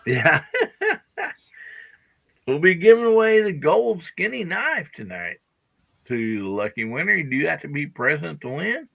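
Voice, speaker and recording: A man hosting a live podcast in a relaxed, chatty way, laughing often and talking through a bout of hiccups. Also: fairly high pitch, measured pace, vocal fry, pauses often, muffled recording. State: has the hiccups. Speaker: podcast host. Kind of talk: casual livestream chat.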